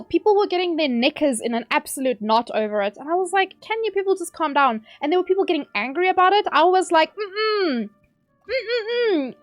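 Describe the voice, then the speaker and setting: With a high-pitched voice and no echo, a young woman chats and rants casually during a gaming live stream, letting out sudden yelps as the action unfolds.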